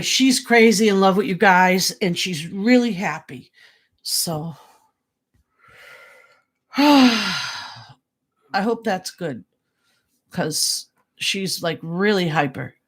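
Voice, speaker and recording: A woman psychic giving live readings in a halting, casual way, with many fillers and repeated words. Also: medium pitch. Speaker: psychic medium. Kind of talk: livestream reading, casual chat.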